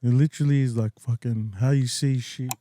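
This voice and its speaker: A man's voice: medium pitch, steady tone, fairly quick, mellow, no room sound, studio quality. A man chatting casually with friends on a podcast, slangy and reflective, often chiming in to agree. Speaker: podcast co-host. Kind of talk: casual chat among friends.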